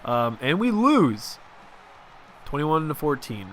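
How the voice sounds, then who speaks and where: A young host of a football video game channel, from Southern California, sounds very animated and a little high as he rambles chattily and vents about his team mid-game. Slight hiss or hum is audible.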